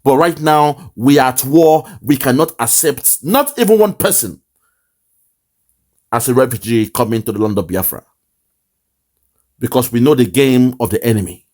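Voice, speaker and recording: A man's voice: medium pitch, animated, normal speed, pauses often, darkish tone. A man with a Nigerian accent hosting impassioned online political commentary, fiery and mocking, often breaking into laughter.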